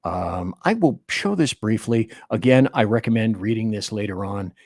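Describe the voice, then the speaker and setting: A man's voice: on the low side, lively intonation, moderate pace, darkish tone, no room sound, studio quality. A man hosting a political radio show, giving emphatic, opinionated commentary and reading articles and chat aloud.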